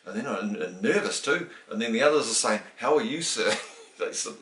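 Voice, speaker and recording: A middle-aged man from New Zealand in a casual interview, telling a story and acting out the quoted voices with lively emphasis. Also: mid-range voice, a little fast, a little hiss or hum. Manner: animated, acts out quoted dialogue, many restarts. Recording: roomy, distant from the mic.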